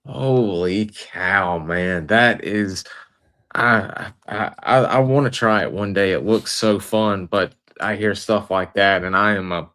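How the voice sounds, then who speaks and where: A man's voice: lowish voice, slow pace. A man hosting a podcast, chatting casually and stammering a little as he reacts. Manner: relaxed, hesitant, stammers. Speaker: podcast host. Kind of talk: casual chat.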